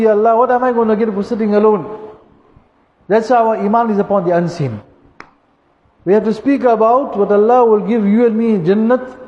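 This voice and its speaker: A man preaching a sermon as a mufti in a mosque, telling stories and speaking directly to the congregation. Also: sits high. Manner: storytelling, addresses the congregation directly. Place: mosque hall. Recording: echoey hall, dull sound.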